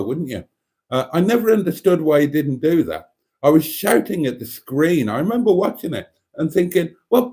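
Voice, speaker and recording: A middle-aged man hosts a casual livestream, rambling and joking as he reads out viewer comments. His pitch swings up and down a lot as he talks, and he sounds off the cuff, with plenty of ums and restarts. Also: darkish tone. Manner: chatty, rambling, jokey, with many fillers. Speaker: livestream host.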